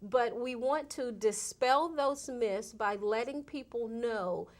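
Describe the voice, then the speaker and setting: Taking it slowly, a woman with a slightly high voice speaks as an interview show guest. She represents an AIDS service organization and describes her outreach work with earnest emphasis, in a casual conversational style.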